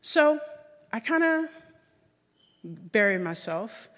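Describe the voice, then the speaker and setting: Woman, middle-aged, storytelling, lively acted-out voices, pitch in the middle, reverberant hall. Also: takes it slowly. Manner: animated, acts out remembered voices with big jumps in pitch. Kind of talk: personal storytelling before an audience.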